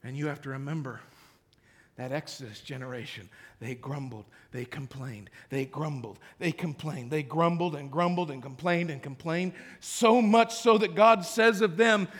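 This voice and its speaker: A man preaching a sermon as pastor, swinging between loud cries and hushed whispers in short repeated phrases. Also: fairly high pitch, moderate pace, hardly any pauses, breathy edge. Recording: long hall reverb.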